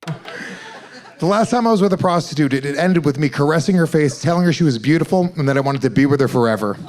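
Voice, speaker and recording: A man's voice: fairly high pitch, animated, a little fast, darkish tone. A man doing a brash, crude stand-up set with long stories, playing clips from a live club show. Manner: brash, crude storytelling to a laughing crowd. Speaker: stand-up comedian.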